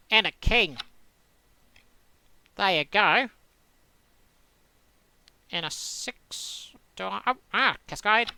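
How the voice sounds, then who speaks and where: A man chatting through a solitaire game in a bright, crisp voice. He rambles, cuts himself off mid-phrase and plays with words in a dry, wandering way, recorded close and dry with no room sound. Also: high-pitched, dry recording. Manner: rambling, self-interrupting, musing aloud to himself; dry playful wordplay. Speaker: host playing solitaire on screen. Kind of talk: casual gaming commentary.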